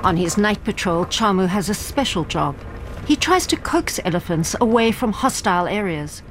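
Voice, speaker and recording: A woman reporter narrates in a steady, measured voice. Her delivery is scripted and clear, with clear noise behind her. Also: medium pitch.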